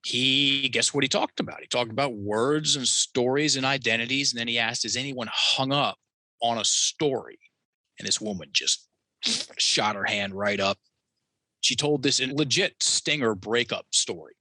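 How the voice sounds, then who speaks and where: A man with a very bright, forceful voice tells a personal story as a podcast guest. He is animated and acts out the voices of the people in his story, recorded dry and close. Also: medium pitch, moderate pace, no room sound. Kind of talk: storytelling in a conversational interview.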